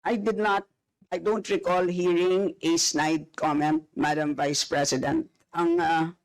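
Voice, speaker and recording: A woman's voice: on the low side, fairly even intonation, a little slow, rough recording. A woman with a Filipino accent, chairing a formal hearing and repeatedly calling for order in a procedural manner. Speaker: committee chair.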